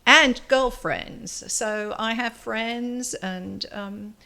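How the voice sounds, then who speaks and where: Older London woman, chatty and high. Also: extremely slow, vocal fry. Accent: English, London. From London, England. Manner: chatty, warm laughs, thinks aloud. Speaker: interview guest. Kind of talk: casual chat.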